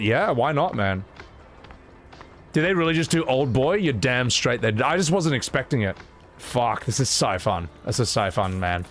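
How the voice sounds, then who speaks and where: A young man streaming his first playthrough of a game, excitable, laughing and swearing as he reacts. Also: mid-range voice. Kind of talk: gaming let's-play commentary. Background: faint game music.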